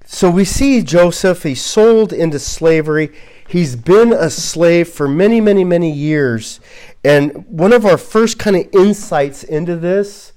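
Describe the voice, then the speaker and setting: A man preaching an expository sermon as a pastor, halting and repeating words as he works through his points, and posing rhetorical questions. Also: sits high, darkish tone, clean tone. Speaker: pastor teaching a Bible series.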